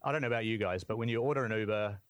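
A man's voice: lowish voice, rapid-fire, clear, resonant tone, no echo. Man, young adult, podcast guest, candid storytelling, dry close sound. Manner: candid, laughs through the story. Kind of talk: casual storytelling.

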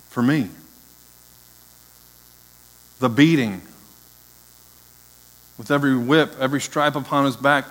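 A man's voice: mid-range voice, fairly bright tone. Earnest male pastor preaching in a reverberant hall. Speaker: interim pastor. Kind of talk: sermon.

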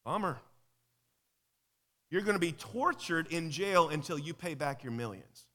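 A man preaching a live sermon in a casual, lively way, firing rhetorical questions at the congregation, recorded with a long hall reverb. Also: a little high, unhurried.

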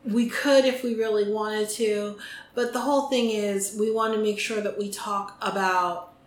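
A woman's voice: medium pitch, steady tone, a little slow. A woman co-hosting a podcast from the United States, talking in a chatty, casual way with ums and restarts. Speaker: podcast co-host. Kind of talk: casual chat. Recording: echoey room with faint noise.

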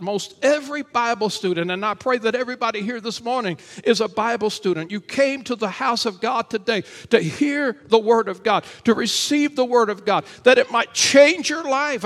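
This is a man preaching in church on a Sunday morning, a pastor whose delivery is emphatic and repetitive. His volume surges into shouting, then falls away low, during the church service.

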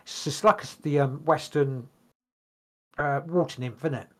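A man with a slightly raised pitch reads notes aloud on a podcast. He stumbles over words, restarts, and swears casually as he goes. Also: a little slow, a bit bright. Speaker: podcast co-host.

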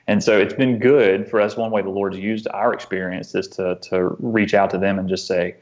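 A man telling a personal story as an interview guest, earnest and halting, often restarting his sentences. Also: low voice, fairly even intonation, a little mellow, lo-fi sound. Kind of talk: conversational storytelling.

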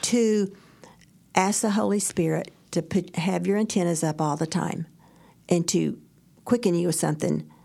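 A middle-aged woman co-hosting a faith talk show, telling stories in an animated way, acting out quotes and laughing often. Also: lowish voice, moderate pace, creaky. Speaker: podcast co-host. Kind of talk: faith-based casual chat, storytelling.

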